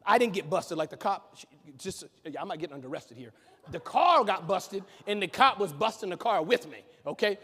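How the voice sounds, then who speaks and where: A man giving an energetic conference keynote, joking and bantering with the audience from the stage. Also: high-pitched, a little fast, husky. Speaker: keynote speaker. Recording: echoey hall reverb.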